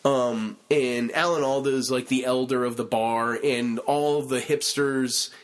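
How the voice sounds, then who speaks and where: A male podcast host chats casually and animatedly, sprinkling in profanity and fillers as he retells a show. He often acts out lines in a lower voice. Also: fairly even intonation, slow. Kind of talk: casual chat.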